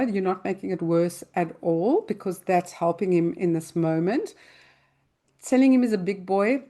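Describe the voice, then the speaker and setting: Older woman explaining calmly. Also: medium pitch. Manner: calm, explaining with everyday examples; loosely spoken, with restarts and fillers. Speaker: parenting advice host. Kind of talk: answering listener questions.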